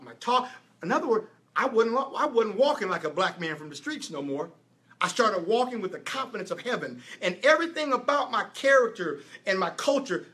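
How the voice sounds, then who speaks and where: A middle-aged preacher with a high, bright voice delivers an emphatic sermon. He tells his story and drives his points home through repetition. His voice climbs and falls as he builds. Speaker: apostle and preacher. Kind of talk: sermon teaching with testimony.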